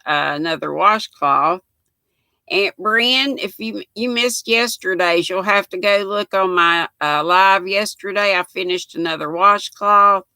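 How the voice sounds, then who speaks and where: Older North Carolina woman, Southern accent, livestream host; bright and gravelly, folksy. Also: medium pitch, no echo. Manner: chatty, folksy, greets viewers by name. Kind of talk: casual livestream chat reading comments.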